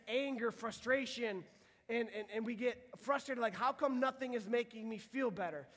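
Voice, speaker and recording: A man's voice: extremely high pitch, a bit bright. A young man from the United States preaching casually and earnestly to teenagers as a youth pastor, often restarting his sentences. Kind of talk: sermon to teenagers. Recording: long hall reverb.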